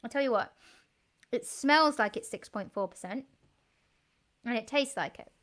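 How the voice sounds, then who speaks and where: A woman's voice: on the high side, lively intonation, moderate pace, fairly bright tone. A woman co-hosting a home music stream in casual chat, giggly and a bit bashful, reading a beer label aloud.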